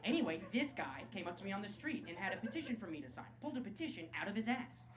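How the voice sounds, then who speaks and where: A man's voice: high-pitched, big pitch swings, very fast. Brash, sarcastic stand-up man. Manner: brash, crude, sarcastic crowd work. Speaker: stand-up comedian. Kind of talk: live stand-up set. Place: comedy club stage. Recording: loud live club crowd and noise.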